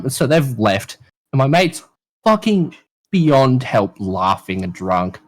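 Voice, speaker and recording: Australian man, podcast guest, crude and animated storyteller, swears freely, very expressive pitch. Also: measured pace. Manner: lively, crude, swears often. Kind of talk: casual storytelling.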